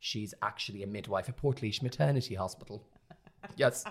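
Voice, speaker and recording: A man's voice: on the low side, brisk. A man co-hosting a casual studio chat, camp and dramatic, swearing freely. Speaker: podcast co-host. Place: recording studio.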